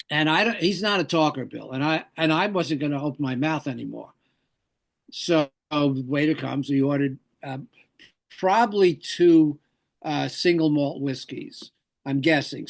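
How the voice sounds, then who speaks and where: A man's voice: fairly high pitch, gravelly. An older man, an actor, telling rambling anecdotes in an interview, often correcting himself mid-sentence. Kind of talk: storytelling interview answer.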